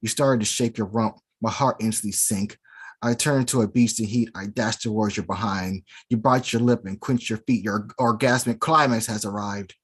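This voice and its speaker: A man performing a spoken word poem at an online open mic, theatrical and deliberate. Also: fairly low pitch, fairly even intonation, breathy edge. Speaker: poet performer.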